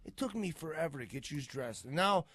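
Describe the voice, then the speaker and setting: A man's voice: on the high side, animated, brisk, a bit bright, husky, dry recording, studio quality. A man, a father of young kids, telling a story in casual, profanity-laced chat as a podcast co-host.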